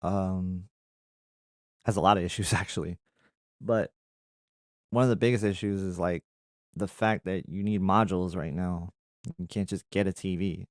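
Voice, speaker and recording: A young adult man talks loosely through viewer comments, circling back with plenty of ums and likes. His voice sits a little low and comes across smooth and resonant. The sound is dry and close, with no room around it. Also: fairly even intonation, normal speed, pauses often, dry recording. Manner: conversational, reads comments aloud then rambles with fillers. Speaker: tech channel host answering viewer comments. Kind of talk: casual live chat.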